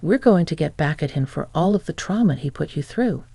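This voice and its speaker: A reader playing an older mother-in-law, motherly yet fierce, scolding with a gravelly, mellow voice. The sound is dry and close, with no room around it. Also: low-pitched, animated, fairly quick, no room sound, full character voice. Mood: determined.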